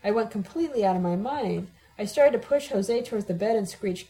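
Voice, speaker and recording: A woman reads a first-person audiobook with a dramatic, emotionally charged delivery. Her voice is mellow and sits at a mid pitch. She gives every sentence strong feeling. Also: animated, brisk, poor audio. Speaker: audiobook narrator.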